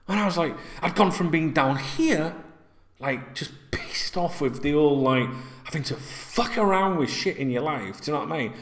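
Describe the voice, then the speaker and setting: Animated man telling a story. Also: fairly high pitch, reverberant, slight background noise. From England. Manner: rambling, swearing, addresses viewers as guys. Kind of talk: casual storytelling to camera.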